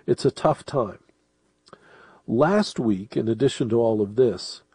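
Middle-aged male radio host, sniffling from a cold, husky and mellow, chatty rambling delivery. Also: medium pitch, animated, measured pace, long pauses, no room sound. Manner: rambling, conversational, with restarts and asides. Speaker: late-night radio host. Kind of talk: casual monologue to listeners.

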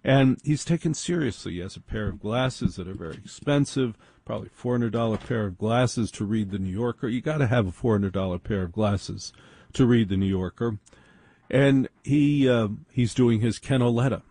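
Wry, husky-voiced male storyteller. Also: medium pitch, moderate pace, mellow, no echo. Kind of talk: comic storytelling monologue.

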